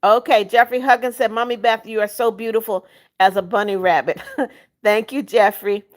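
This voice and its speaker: A woman in her seventies hosts a livestream, with a slightly high voice. She reads chat comments aloud in a chatty way and keeps pleading for likes and subscribers. She turns blunt when she scolds rude viewers. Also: steady tone, moderate pace. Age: 70s. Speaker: livestream host. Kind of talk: reading live chat comments.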